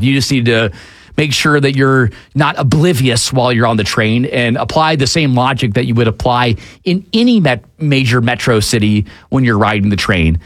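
A man's voice: medium pitch, no room sound. A man hosting a talk show, giving casual, opinionated commentary on the news with frequent fillers. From Atlanta area, USA.

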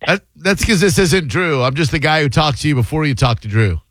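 A man hosting a call-in talk radio show, quick and wry, voicing firm opinions. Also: fairly high pitch, animated, fairly bright tone, no room sound. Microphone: studio microphone.

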